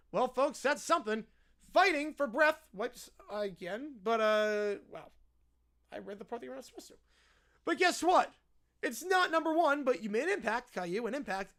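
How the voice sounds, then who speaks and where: A man hosts a mock game show with a dry, deadpan wit. His delivery rides lively ups and downs, and he tosses off wry asides between questions. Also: very high voice, moderate pace. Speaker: host. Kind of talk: comedic parody game show hosting.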